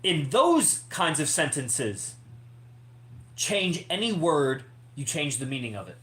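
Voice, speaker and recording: A man's voice: on the high side, big pitch swings, takes it slowly, fairly bright tone. A man hosting a podcast, talking in an emphatic, rambling way, swearing freely as he lectures his members. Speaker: podcast host. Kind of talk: casual monologue to members. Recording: echoey room.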